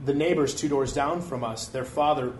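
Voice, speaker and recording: A man in his thirties from Detroit, a comedian and actor, telling animated stories in a candid live interview. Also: mid-range voice, moderate pace. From Detroit, USA. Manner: animated storytelling with frequent restarts and laughs. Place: live interview before an audience. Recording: echoey room, faint ambient noise.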